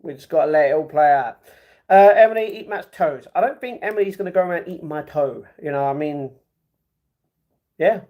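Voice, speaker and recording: This young livestream host has a fairly high voice and talks a little fast, and the audio sounds dull. He chats and jokes with viewers in slang as he goes through his stream chat.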